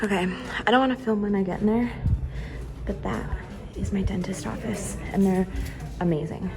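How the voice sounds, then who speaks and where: A woman's voice: mid-range voice, moderate pace, over loud music, low-quality recording. A woman chatting casually in a daily vlog, talking to viewers with plenty of "like" fillers. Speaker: vlogger. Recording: noticeable background noise.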